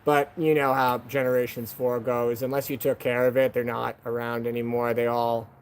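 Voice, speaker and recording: A man's voice: medium pitch, level tone, normal speed, clean tone. A man hosting a casual live stream from home. He talks to viewers in a laid-back, slangy way, calling them "man" and "dude".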